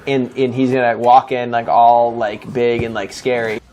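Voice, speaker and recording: A man's voice: medium pitch, little pitch movement, moderate pace, a little mellow. A man on a comedy game show, playfully spinning a silly story and laughing along. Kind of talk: casual comedic banter.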